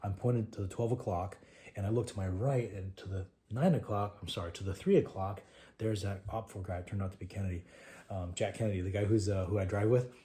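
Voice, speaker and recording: A man telling a training war story to his trainees in an animated, conversational way, sometimes dropping to a hush. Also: fairly low pitch, brisk.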